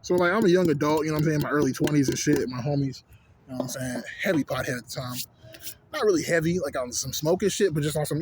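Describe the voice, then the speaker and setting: Talking very fast in a fairly high, slightly mellow voice, a twenty-something vlogger from Canada rambles through a casual, profanity-laced rant. A little hiss or hum sits under the recording, and he keeps tossing in filler like "you know what I'm saying."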